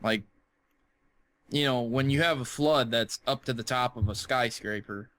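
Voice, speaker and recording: A young man co-hosting a podcast in casual chat, joking and laughing with quick bursts of excitement. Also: medium pitch, no room sound. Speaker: podcast co-host.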